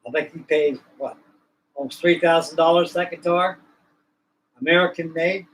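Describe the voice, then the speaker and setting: A man's voice: fairly high pitch, fairly even intonation, normal speed, poor audio. A man hosting a livestream, chatting casually in a folksy, rambling, colloquial way. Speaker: livestream host. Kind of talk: casual chat.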